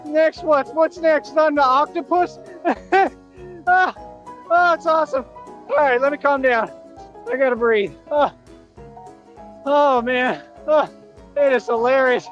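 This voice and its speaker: A woman's voice: high-pitched, slow pace, long pauses, lo-fi sound, soft background music. A woman who laughs through nearly every line.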